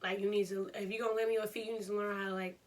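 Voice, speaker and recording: A young woman, telling a storytime vlog in an animated, laughing way. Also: mid-range voice, racing, recorded from a distance. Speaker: vlogger.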